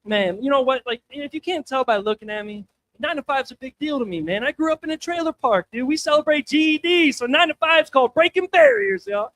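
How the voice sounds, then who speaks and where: A man with a notably high voice rambles through a crude stand-up set, dropping "man" and "you know" into nearly every line. He talks into a handheld stage mic at an open mic night. The sound is very dry and close. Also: lively intonation, brisk, a bit bright, dry recording. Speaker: stand-up comedian.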